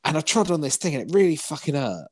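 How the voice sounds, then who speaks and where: With a slightly high voice, big swings in pitch, and a fast delivery, a podcast co-host in his 40s rambles through stories in casual conversation. He swears now and then and dramatizes what others said.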